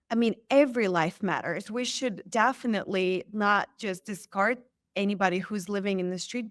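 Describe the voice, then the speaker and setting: A woman guest on a podcast, telling a personal story with lively acted-out quotes. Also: mid-range voice, dry recording, clean studio sound. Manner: animated, acts out quoted lines. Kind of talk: storytelling in an interview.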